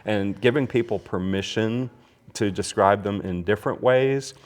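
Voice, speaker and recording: A man with a fairly low voice hosts a relaxed whiskey tasting conversation. He talks like a storyteller, circling back on himself with fillers and restarts. His tone stays easygoing and conversational. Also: moderate pace. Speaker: podcast host. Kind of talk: casual whiskey tasting chat.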